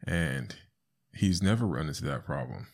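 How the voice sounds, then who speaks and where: A man hosting a podcast alone, talking casually and animatedly, often jumping into high squeaky voices to quote people. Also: lively intonation, moderate pace, gravelly. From South Florida. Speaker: podcast host. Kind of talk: casual solo podcast commentary.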